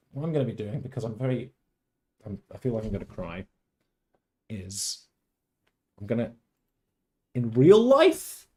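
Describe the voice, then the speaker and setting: At home, a man hosts a casual game livestream in a theatrical manner, his medium-pitched voice swinging between loud outbursts and mock-tender murmurs.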